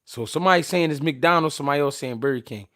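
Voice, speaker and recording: A man's voice: fairly high pitch, fast talker. Slang-heavy Philly man telling stories. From Philadelphia, USA. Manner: animated, slangy, profane, restarts sentences often. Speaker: show host. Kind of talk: casual storytelling.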